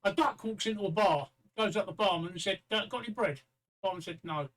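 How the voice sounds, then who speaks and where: A man with a high voice hosts a casual live stream. He trades cheeky banter with his co-hosts and tells long, silly jokes. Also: a little fast, a bit bright, low-quality recording. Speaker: host.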